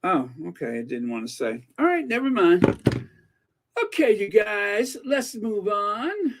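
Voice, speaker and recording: A man's voice: high-pitched, huge pitch swings, heavy background noise. A man hosting a commentary channel in casual chat, laughing and repeating himself as he rambles. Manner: chatty, slow, laughs between words, repeats himself.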